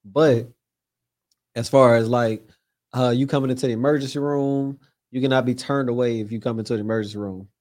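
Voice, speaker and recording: A man's voice: mid-range voice, fairly even intonation, brisk, darkish tone. A young man co-hosting a podcast, chatting casually, swearing and laughing as he talks. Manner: laid-back, swears a lot, laughs mid-sentence. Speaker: podcast co-host.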